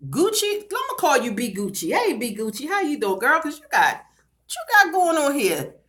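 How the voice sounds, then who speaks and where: With a high-sitting voice, big pitch swings, a fairly bright tone, and moderate pace, a middle-aged woman from Baltimore, USA, hosts a casual livestream vlog. She chats sassily in her Baltimore accent and calls viewers girl and child.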